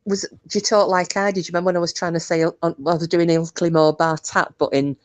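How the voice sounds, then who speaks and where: A woman hosting a live chat stream, chatty and quick to laugh, swearing freely as she talks to her viewers. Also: on the low side. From England. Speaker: livestream host.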